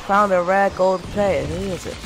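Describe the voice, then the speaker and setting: A man filming his own reaction to a video game pack opening, yelling and rambling in disbelief. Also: high voice, normal speed, over loud music.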